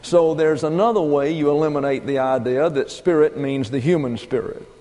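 A man's voice: fairly high pitch, moderate pace, warm tone, in a large hall. A man preaching a methodical teaching sermon from a pulpit, working through numbered points and spelling out terms. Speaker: pastor. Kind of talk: expository Bible teaching sermon. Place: church pulpit.

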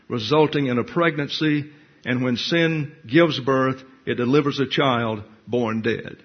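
A man preaching a Bible class sermon, blunt and teacherly, reading scripture verse by verse and explaining it. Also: mid-range voice. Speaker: pastor. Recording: dull lo-fi recording.

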